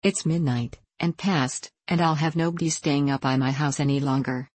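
A woman reading an audiobook, voicing a blunt older countryman with slow, broad dialect speech. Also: deep voice, fairly even intonation, a little mellow. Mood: gruff.

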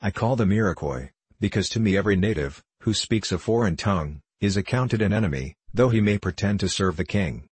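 A man's voice: on the low side, lively intonation, fairly quick, hardly any pauses, a little mellow, slightly rough, no echo. A man reading as a stubborn old frontier scout. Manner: plain-spoken, old-fashioned backwoods talk. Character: gruff veteran frontier scout, blunt and stubborn.

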